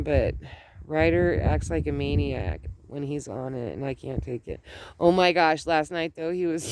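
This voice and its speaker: A woman's voice: deep voice, a little mellow, a little hiss or hum. A middle-aged woman vlogging outdoors at home, chatting in a rambling way with many restarts. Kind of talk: casual chat.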